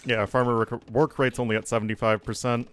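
A man's voice: mid-range voice, little pitch movement, a little fast, a bit bright, a little hiss or hum. A man, chatting offhand through his own strategy game playthrough as a streamer, muttering remarks to himself. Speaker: gaming streamer. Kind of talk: casual gameplay commentary.

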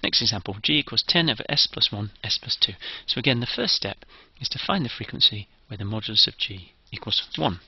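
A man's voice: fairly low pitch, animated, fairly quick, few pauses, breathy edge, no echo, muffled recording. A man giving a methodical, step-by-step engineering lecture.

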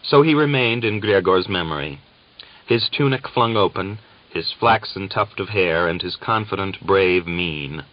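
Deep voiced guy reading a novel, measured and dramatic, kinda muffled old recording. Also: expressive, no echo. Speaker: audiobook narrator. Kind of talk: scripted audiobook narration.

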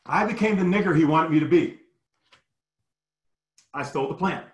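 Animated storytelling man in an echoey room. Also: fairly high pitch, moderate pace. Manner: animated, acts out the people in his story. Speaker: guest storyteller. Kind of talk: personal storytelling. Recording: roomy echo.

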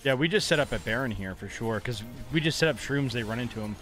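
A man's voice: medium pitch, animated, quick pace, fairly bright tone, faint music behind. A young man casually commentating his own game live as a streamer, chatty and joking with his chat. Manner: casual, chatty, playfully mock-angry trash talk.

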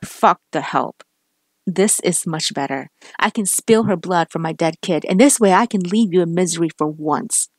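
A woman's voice: fairly low pitch, moderate pace, no room sound. A woman voicing a vengeful male cop turned killer, menacing and taunting, in a dry, close recording.

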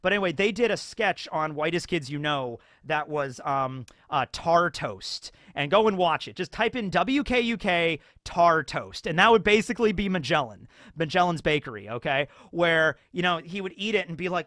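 A man rambles through casual anime commentary, animated and full of fillers. His voice sits high and sounds bright and forward. The recording is close and dry. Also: normal speed, hardly any pauses, no room sound.

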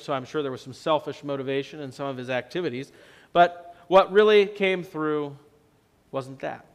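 A man preaching a sermon as pastor, telling the story in a conversational way and swinging between loud and soft for emphasis. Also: mid-range voice. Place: church sanctuary. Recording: long church reverb.

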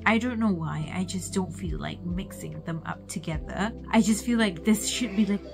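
A woman's voice: mid-range voice, normal speed, gravelly, over music. A young woman vlogging her night routine in a chatty way, often dropping to a whisper. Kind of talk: casual vlog narration.

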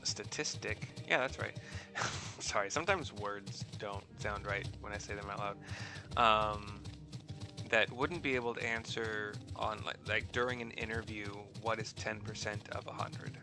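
A man's voice: lowish voice, unhurried, over music. A man narrating his gameplay in a chatty, rambling, self-deprecating way. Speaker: gaming channel host.

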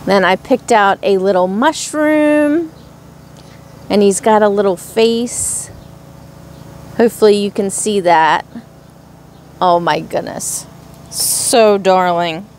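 A young woman in a casual haul vlog, showing off little charms and gushing over each one with drawn-out exclamations. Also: medium pitch, a little mellow, slight background noise. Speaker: crafts vlogger.

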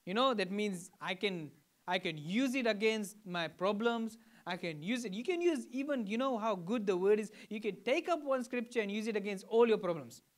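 A man's voice: sits high, animated, moderate pace. A man from Fiji preaching a sermon to a congregation, teaching in a conversational way and often checking in with questions. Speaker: pastor.

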